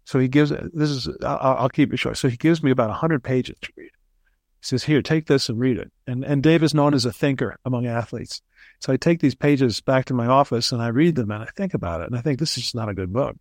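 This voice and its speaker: Male guest, animated anecdote-teller, keeps restarting sentences, mid pitch, dry close mic. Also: fast talker, no echo. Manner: chatty, animated storyteller with frequent restarts. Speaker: ghostwriter guest. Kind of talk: casual interview storytelling.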